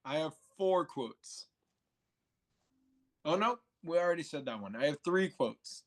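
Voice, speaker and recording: A man co-hosting a casual movie podcast with friends, acting out quotes with big jumps in his voice. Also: measured pace. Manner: animated, acts out quotes with jumps in pitch. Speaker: podcast co-host.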